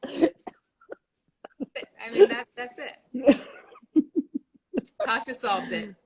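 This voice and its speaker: A woman's voice: fairly high pitch, sing-song, drawn-out words, slightly rough, rough recording. A woman co-hosting a casual chat show who drops dry, wisecracking asides. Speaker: podcast co-host.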